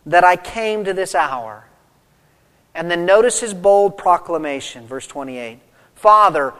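A man delivers a sermon in a church sanctuary. His voice sits high for a man, and his emphatic peaks ring out into a long hall reverb. He reads scripture aloud and then works through it with rising intensity. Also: fairly bright tone. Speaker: pastor.

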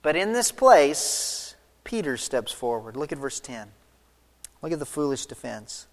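A man's voice: a little high, big pitch swings, measured pace, big-room sound. A man preaching an expository sermon, retelling the story vividly and putting rhetorical questions to his listeners. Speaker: pastor.

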